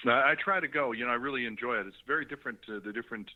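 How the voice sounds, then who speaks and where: A middle-aged man, a guest actor calling in to a radio show, chatting in a halting way with lots of fillers and restarts. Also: mid-range voice. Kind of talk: phone interview on a radio show. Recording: muffled phone line.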